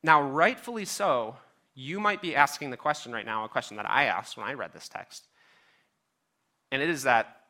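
A man's voice: medium pitch, animated, moderate pace, sharp tone. A man preaching a sermon as a pastor, casual and conversational with filler words and light humor.

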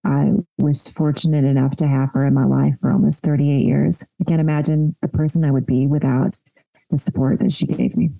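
A woman's voice: low voice, flat delivery, brisk, gravelly, mellow, no echo, rough recording. A woman in her thirties, a podcast guest, telling a heartfelt personal story in a reflective way, often repeating words as she gathers her thoughts.

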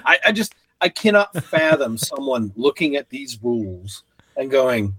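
A man in casual podcast chat, talking animatedly and swearing often, acting out quotes with sudden shouts. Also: mid-range voice, very animated, measured pace, slightly rough.

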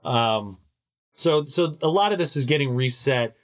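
A man co-hosting a podcast in casual chat, calmly summing up story points. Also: mid-range voice, unhurried. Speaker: podcast co-host.

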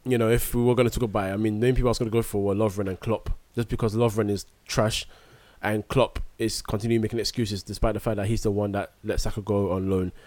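A man co-hosting a football podcast, chatting casually in quick, slangy banter. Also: on the low side, little pitch movement, a little mellow, dry recording. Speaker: podcast co-host.

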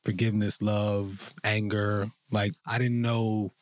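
A man in his thirties, an interview guest, telling his story candidly, laughing often and growing animated when he quotes others. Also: lowish voice, slow, no room sound, clean studio sound.

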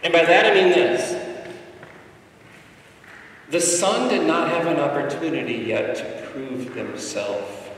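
Middle-aged guy preaching, bright voice, big echoey hall, a bit far off the mic. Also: on the high side, slow, pauses often, a little hiss or hum. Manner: storytelling, swings from hushed to loud and emphatic. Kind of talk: sermon.

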